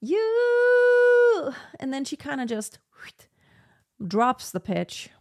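A woman's voice: fairly high pitch, takes it slowly, creaky, loud music behind the voice. A young adult woman vocal coach reacting in casual, enthusiastic commentary, now and then singing short demonstrations.

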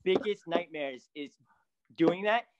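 Lively man, slightly high voice. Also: slow pace, lo-fi sound, very noisy. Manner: animated, laughing often, many fillers like "like". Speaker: salon stylist, guest. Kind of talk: casual storytelling chat.

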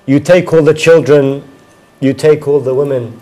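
A man with a fairly high voice recites a sorrowful elegy in a slow, mournful cadence, circling back again and again to its refrains. His delivery swells and sinks as the grief of the verses builds. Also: steady tone, mellow, poor audio.

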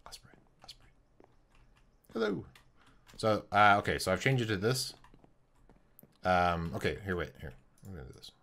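A man streaming a building game, thinking aloud in a casual, halting way with many pauses. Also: deep voice, animated, fairly bright tone. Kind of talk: casual live-stream commentary while building.

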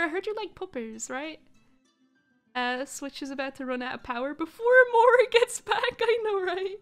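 A young woman streaming a game live, giggling often and squealing with excitement while she chats. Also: sits high, moderate pace. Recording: faint music behind. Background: faint music.

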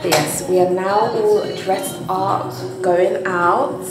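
A woman's voice: medium pitch, little pitch movement, slow, over music. A young English woman with an English accent, chatting casually as she vlogs her trip, laughing often. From England. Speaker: travel vlogger. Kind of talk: casual vlog chat.

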